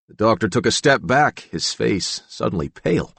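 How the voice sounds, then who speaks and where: A man narrating a true-crime audiobook in a measured storytelling manner. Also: fairly low pitch, expressive, gravelly, fairly bright tone, no room sound. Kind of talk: scripted narration.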